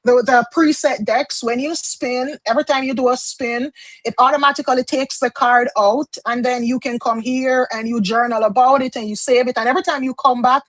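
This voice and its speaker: A woman's voice: high voice, fairly even intonation, fairly quick, fairly bright tone, dry recording, low-quality recording. A woman from Jamaica giving a chatty live-streamed tarot reading, explaining as she goes and often repeating and restarting her phrases. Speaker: tarot card reader.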